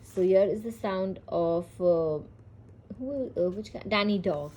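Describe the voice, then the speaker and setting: At home, a woman reads a children's picture book aloud in a mid-range, dark-toned voice at a slightly slow pace. She reads plainly with little character voicing, chatting casually between pages with fillers, small slips, and self-corrections.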